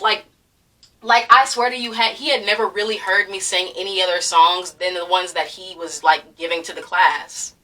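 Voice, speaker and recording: A young woman with a bright, forceful voice, worked up and swearing through a commentary rant full of fillers and bursts of laughter. She sits a little back from the mic, so the sound is slightly distant. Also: mid-range voice, steady tone, moderate pace. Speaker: commentary vlogger. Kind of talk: ranting commentary.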